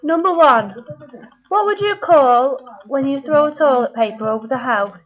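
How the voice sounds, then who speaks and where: A British woman with a fairly high voice reads out a word list one word at a time, then chats through her answers. The sound is thin and tinny, like a phone line. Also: lively intonation, measured pace. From United Kingdom. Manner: chatty, reads words one by one. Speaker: vlogger.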